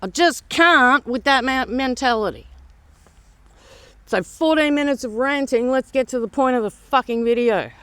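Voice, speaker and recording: A woman's voice: high voice, normal speed, fairly bright tone, clear, resonant tone, no room sound. Blunt, sweary Australian woman ranting. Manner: blunt, heavy swearing, sarcastic mocking. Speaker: vlogger. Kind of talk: ranting monologue vlog.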